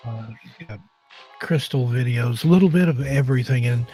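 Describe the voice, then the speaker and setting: A man's voice: mid-range voice, brisk, mellow, soft background music. A man hosting a casual live-stream chat show, joking and rambling with a slightly scratchy throat. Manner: easygoing, joking, rambling with restarts. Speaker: podcast host.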